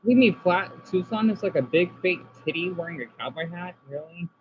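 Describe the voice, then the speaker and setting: A man from Arizona streaming casually, reading chat comments aloud and reacting, moving between subdued talk and excited outbursts. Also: high-pitched, a little fast, lo-fi sound, a little hiss or hum.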